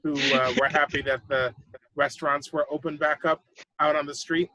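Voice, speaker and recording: A man in a casual podcast chat, teasing with quick interjections. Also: on the high side, flat delivery, bright, forceful tone, no echo, poor audio.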